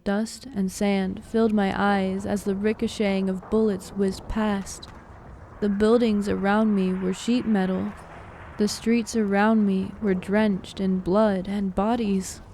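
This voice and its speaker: A woman narrates a spooky story in a slow, deliberate reading with little rise and fall in her voice. Her tone is dark and mellow and stays steady from line to line. Soft music plays faintly underneath. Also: mid-range voice, a little hiss or hum. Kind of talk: scripted narration. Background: faint background music.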